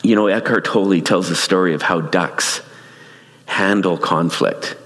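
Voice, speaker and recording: A man preaching a sermon, telling a personal story in an animated way, laughing and restarting his sentences. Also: sits low, measured pace. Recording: long hall reverb.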